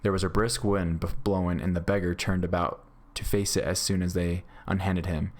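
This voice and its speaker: A man, a grade school teacher, reading a storybook aloud to his class in a steady, clear way. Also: low-pitched, moderate pace.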